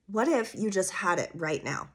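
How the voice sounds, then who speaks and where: A woman with a husky, animated mid-range voice hosts her own astrology podcast at normal speed. In a solo monologue, she coaches earnestly, with casual asides, rhetorical questions, and fillers like "vibe" and "you know."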